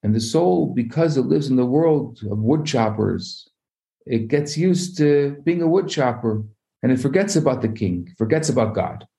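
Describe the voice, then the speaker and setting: A man, a rabbi, telling a parable in an animated sermon, acting out the voices of its characters. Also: mid-range voice, normal speed, creaky. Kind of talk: storytelling sermon.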